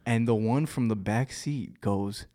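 Speaking a little slowly in a voice on the low side, this young podcast guest tells a story in relaxed conversation. He's an animated storyteller who laughs a lot and performs the quotes as he goes.

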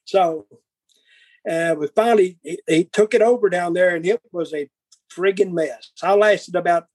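A man's voice: high-pitched, moderate pace, darkish tone, dry recording, poor audio. An older man telling blunt, profane stories and acting out old arguments. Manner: profane, blunt, acts out quarrels in dialogue. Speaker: guest. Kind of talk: casual storytelling.

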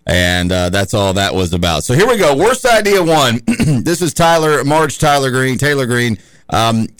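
A man's voice: mid-range voice, fairly bright tone, no echo. Guy hosting a radio show, rambly, lots of ums and restarts, dry close mic. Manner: rambling, with many fillers and restarts. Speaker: radio talk show host. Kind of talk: casual talk radio chat. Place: radio studio.

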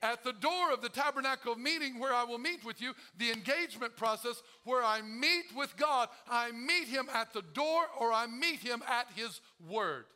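A man's voice: very high voice, animated, normal speed, hardly any pauses, bright, forceful tone. A male pastor preaching a sermon to his congregation, calling out to them and acting out the prayers he quotes. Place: church.

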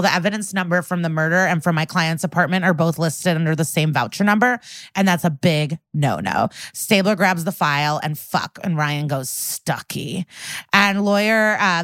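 Lady podcaster retelling an episode, jumps into character voices, low-ish tone, dry mic. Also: a little fast, no echo. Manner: animated retelling, acting out characters' lines. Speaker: podcast co-host. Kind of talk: casual recap chat.

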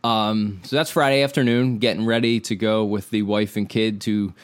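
Rambling podcast host man, lowish voice. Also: moderate pace, clean tone. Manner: rambling, animated retelling with quoted dialogue. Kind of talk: casual podcast chat, storytelling.

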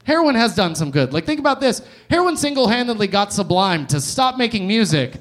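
A young man works a comedy club crowd from the stage with a handheld mic, his voice sitting fairly high. He riffs in a sardonic, loose way, swearing casually between jokes. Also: big pitch swings, brisk, fairly bright tone. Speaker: stand-up comedian and host. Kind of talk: stand-up comedy set.

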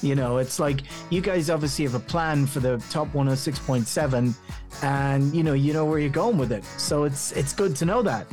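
A man's voice: a little high, moderate pace, faint music behind. A talkative Irish man who works in radio and voice-over, chatting freely as an interview guest. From Ireland. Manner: chatty, rambling, animated. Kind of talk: conversational interview.

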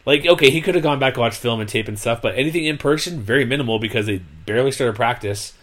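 A man hosting a casual sports chat, his mid-pitched voice rambling through thoughts with plenty of fillers. He gets animated and exasperated as he argues his point. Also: fast talker. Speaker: sports podcast host.

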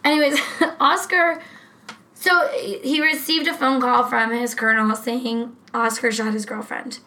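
A woman co-hosting a casual true-crime podcast, talking in a rambling, profane, animated way. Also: a little high, measured pace, rough recording. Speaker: podcast co-host.

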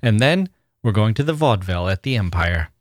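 Story reading: man doing an attentive father, gentle and coaxing, lowish voice. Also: expressive, fairly quick, no room sound, studio quality, lightly acted.

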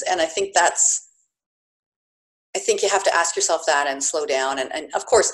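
Guest: woman, 50s, chatty and animated, lots of "like" and "you know". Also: medium pitch. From Canada. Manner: chatty, animated, many fillers. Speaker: guest, bed and breakfast owner. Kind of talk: podcast interview.

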